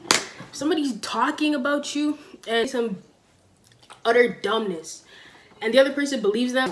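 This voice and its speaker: A teenage girl on her own channel, giving blunt school advice in a casual sit-down talk, with sudden loud stresses. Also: a little high, a little hiss or hum. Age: teens. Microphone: camera mic, sitting.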